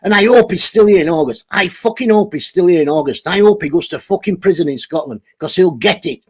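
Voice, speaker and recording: A man's voice: high-pitched, animated, a little fast, slightly rough. A man ranting angrily on a livestream, swearing heavily and over-caffeinated. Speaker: channel host reading live chat. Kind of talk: angry livestream rant.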